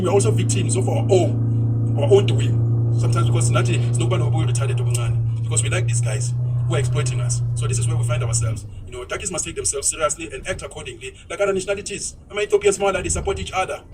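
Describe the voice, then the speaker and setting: A South African man talking casually and forcefully with strong opinions, now and then dropping into Zulu phrases, recorded from a distance. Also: on the high side, fast. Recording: distant mic with faint noise.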